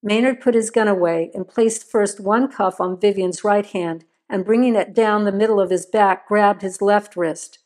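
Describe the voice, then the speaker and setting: A woman reading a crime story aloud in a steady, measured narration. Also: mid-range voice.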